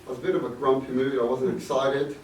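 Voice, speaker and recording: Distant echoey rabbi telling a story. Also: male voice, medium pitch, little pitch movement, fast talker. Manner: reflective, warm anecdotal storytelling with Yiddish words. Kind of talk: storytelling speech to an audience. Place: event hall. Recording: echoey room, distant mic, faint noise.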